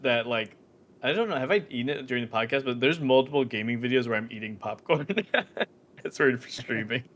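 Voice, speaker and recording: Guy co-host, bright sharp voice, crude jokes, laughs a lot. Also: mid-range voice, fairly quick, a little hiss or hum. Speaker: podcast co-host. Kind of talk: casual banter.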